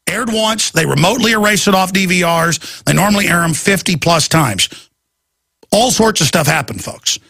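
A man hosting a talk radio show, ranting in an intense, rapid-fire, urgent way. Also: high-pitched, expressive, creaky, bright, forceful tone, dry recording, clean studio sound.

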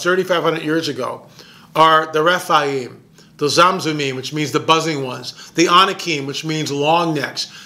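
A man with a fairly high, bright and forceful voice tells a story straight to the listener. He talks in a loose, excited way, pressing hard on his points and stumbling over repeated words as his thoughts race ahead. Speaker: documentary filmmaker. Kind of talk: casual storytelling monologue.

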